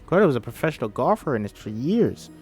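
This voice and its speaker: A man's voice: mid-range voice, very animated, quick pace, a little mellow, soft background music. A man reading a screenplay aloud by himself, voicing every part, stumbling over words now and then. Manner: reads all parts himself, stumbling at times. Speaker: script reader. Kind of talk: solo script read-through.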